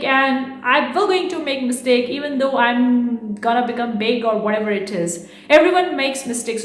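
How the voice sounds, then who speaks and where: A fast-talking woman with a non-native English accent, speaking frankly and defensively to camera as an online business YouTuber. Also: sits high. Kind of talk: casual talk to camera. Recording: echoey room.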